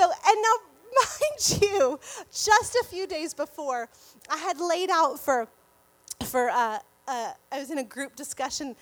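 High-voiced woman telling a faith story. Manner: animated, laughing often while telling a story. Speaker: speaker sharing a faith testimony. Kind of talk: casual Christian storytelling to viewers.

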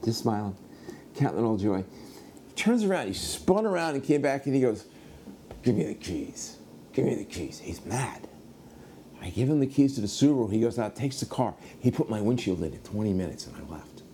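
A middle-aged man from the United States telling a personal story in a sermon, animated, acting out the other people in it. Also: medium pitch, fairly quick, slight background noise. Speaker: preacher.

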